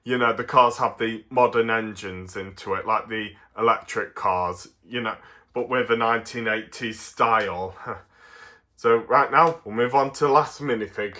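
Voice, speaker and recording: Bright-voiced rambling English man. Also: on the low side, normal speed. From England. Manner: rambling, full of fillers and restarts, chuckles often. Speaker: toy reviewer. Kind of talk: casual video review.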